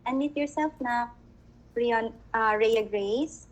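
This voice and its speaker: A woman's voice: fairly high pitch, slow pace, poor audio. A woman teacher with a Filipino accent, giving an online class lecture over a video call, mixing English with Tagalog and often checking that students understand.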